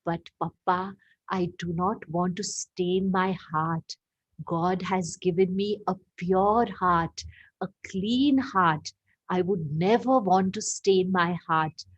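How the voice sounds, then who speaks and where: A woman voicing an earnest, pure-hearted little boy as she tells a story, in a gentle, measured manner. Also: on the low side, muffled recording.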